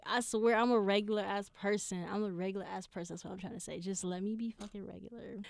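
A woman talks straight into her solo podcast, candid and loose, swearing freely and padding every thought with fillers. Her voice comes through smooth and clean, with no room sound at all. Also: mid-range voice, no room sound. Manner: candid, profane storytelling with many fillers. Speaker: podcast host. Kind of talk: casual solo podcast monologue.

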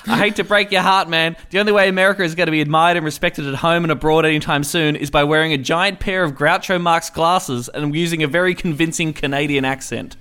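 A man's voice: a little high, steady tone, fast, few pauses, pushed and bright, clean tone. A man hosting a satirical comedy podcast, delivering sarcastic, mock-earnest commentary and chuckling through his jokes.

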